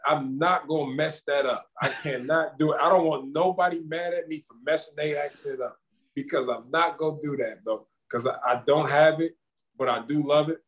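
A man, a former basketball champion, talking casually as an interview guest in a relaxed, slangy way that repeats words. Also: a little high, moderate pace, poor audio.

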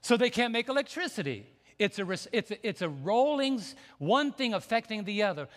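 A man preaching a sermon as pastor, emphatic and building to near shouts. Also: high-pitched, sing-song, a little fast. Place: church sanctuary. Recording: long church hall reverb.

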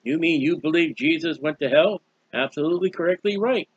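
A man delivers a Bible teaching sermon in a high voice, folksy and emphatic, often asking a question and answering it himself. The recording is dry and dull, with a muffled lo-fi sound. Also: fairly quick, breathy edge, no room sound. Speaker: preacher.

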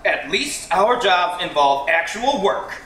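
A man's voice: high-pitched, very animated, takes it slowly, bright, forceful tone, a little hiss or hum, heavily acted. A man playing an anxious, earnest young tech worker in a staged reading of a TV script. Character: anxious young tech guy, self-important. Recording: echoey room, mic far.

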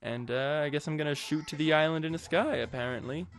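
Jokey rambling man, let's play commentary, fairly high voice, faint game music behind. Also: fast. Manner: jokey, rambling, crude asides. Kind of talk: casual gameplay commentary.

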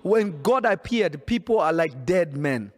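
A man's voice: a little high, animated, measured pace, soft background music. A man preaching a sermon in an emphatic, insistent way, often repeating his phrases.

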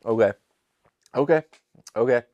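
A man's voice: medium pitch, measured pace, a little mellow, no echo, muffled recording. A man hosting a casual beer tasting review, talking chattily and enthusiastically with self-deprecating asides. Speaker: beer reviewer and show host.

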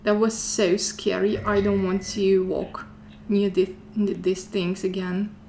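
Her voice is medium-pitched, flat, slow and gravelly, with a bit of hiss or hum in the recording. As a gameplay streamer playing a horror game, she frightenedly talks to herself, repeating words and sinking into whispers under loud game music.

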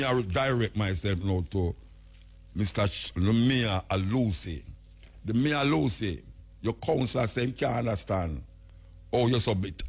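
A man's voice: mid-range voice, creaky, slightly rough. A man from Jamaica with a Jamaican accent, hosting a radio talk show and speaking bluntly and emphatically while calling out officials by name. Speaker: radio host.

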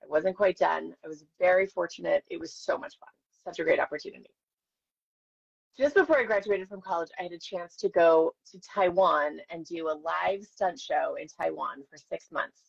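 On dull lo-fi stream audio, an actress in her forties chats with fans and tells stories while signing autographs, chatty and self-deprecating. Her voice is on the low side, slightly rough with vocal fry, at a normal speed.

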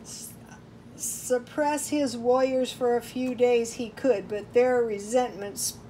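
A woman reading a storybook aloud in slow, measured narration. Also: a little high, fairly even intonation, dark tone, a little hiss or hum, rough recording. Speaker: audiobook reader.

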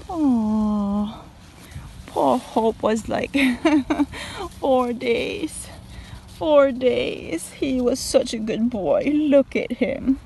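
A woman's voice: sits high, animated, slow pace. A young woman vlogging at a park, cooing and baby-talking to her parrot with frequent laughs. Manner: coos and baby-talks to her bird, laughs often. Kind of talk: casual outdoor vlog talk. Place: park outdoors, windy day. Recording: outdoor wind and park noise.

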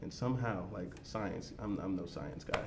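Low-pitched bachelor heard from away from the mic, hesitant rambling. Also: male voice, expressive, moderate pace, gravelly, far from the mic, background noise. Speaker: dating game contestant.

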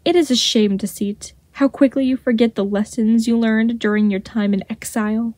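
A cold, menacing leader, played by a woman who speaks coolly and with measured calm. The voice is mellow and soft-edged. The sound is dry and close. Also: fairly high pitch, no room sound, natural voice. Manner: cool, measured.

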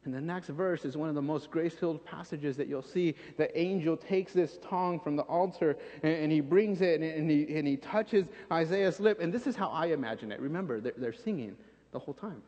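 A man preaching a sermon in a church sanctuary, animated, acting out scenes and repeating phrases for emphasis. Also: a little high, brisk. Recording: dull recording with long church reverb.

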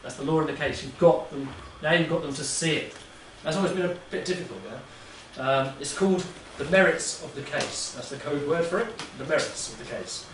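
In an echoey room with an audience, a man talks casually and rambles, often checking in with "yeah?". His voice is a little high and a bit bright, brisk with hardly any pauses. The mic is distant and there's faint noise.

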